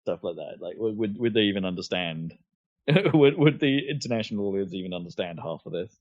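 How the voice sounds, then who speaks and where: A man's voice: lowish voice, animated, a little fast, dry recording. A man co-hosting a podcast, chatting casually, with lots of fillers and restarts. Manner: hesitant, many fillers and restarts. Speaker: podcast co-host. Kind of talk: casual chat. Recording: dull lo-fi podcast audio.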